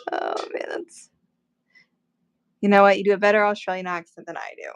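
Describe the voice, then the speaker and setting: A woman's voice: mid-range voice, little pitch movement, fairly quick, clear, resonant tone. A woman co-hosting a casual chat while painting, telling stories and laughing easily. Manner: chatty storyteller, laughs easily. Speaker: co-host, artist.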